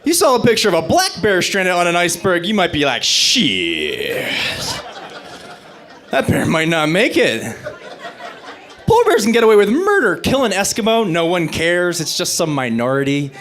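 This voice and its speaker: A young man doing a stand-up comedy set on stage, delivering dry punchlines between lively bits. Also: high voice, fast talker, hardly any pauses.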